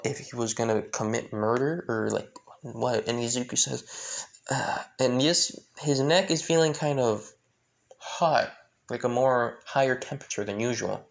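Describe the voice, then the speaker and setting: A man improvising a fan-fiction story in a halting, rambling way with many restarts. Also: medium pitch, vocal fry.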